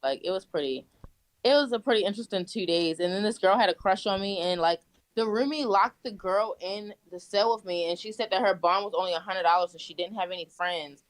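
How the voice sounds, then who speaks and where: A woman's voice: medium pitch, brisk. A young woman telling wild stories in casual, profane chat, laughing as she goes. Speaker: guest. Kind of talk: casual storytelling.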